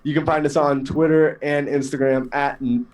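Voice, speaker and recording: A man's voice: on the high side, flat delivery, moderate pace, darkish tone. A man hosting a podcast, wrapping up the show in loose, joking chat with some swearing. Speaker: podcast host. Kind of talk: casual podcast outro chat.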